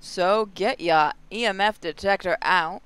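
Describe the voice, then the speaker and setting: A foul-mouthed Australian ghost-hunting boss barks orders in a high, bright and clear voice, as a man puts him on while reading a video game aloud. He is blunt and bossy. He swears freely and wants no time wasted. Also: unhurried. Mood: instructing. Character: crude gruff Australian male ghost-hunter boss.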